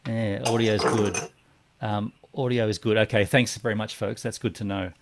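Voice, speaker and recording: A man's voice: on the low side, steady tone, normal speed, slight background noise. A man in his forties chats casually on a live stream. He reads viewers' comments aloud and wanders between topics, his speech full of little fillers and restarts. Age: 40s. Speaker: podcast co-host.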